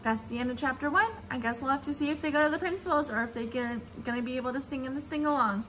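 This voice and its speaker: A woman reading a children's chapter book aloud in an animated, expressive storytelling manner. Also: high-pitched, fast, slight background noise. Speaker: reader.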